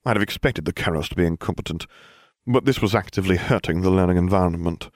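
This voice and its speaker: A man's voice: deep voice, fast talker, darkish tone, no echo. A man narrating a story in a dry, wry manner for an audiobook.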